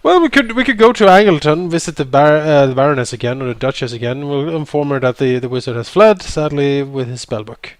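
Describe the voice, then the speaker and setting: A man's voice: on the high side, animated, a little fast, hardly any pauses, no echo. A man talking casually as a player in a tabletop role-playing game, musing aloud about plans.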